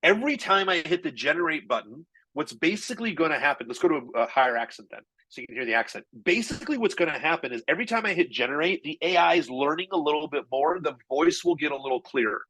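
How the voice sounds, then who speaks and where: Man for a live tech demo, slightly high pitch, energetic and chatty. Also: breathy edge, low-quality recording. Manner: energetic, chatty, quick shifts in pace. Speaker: marketing presenter.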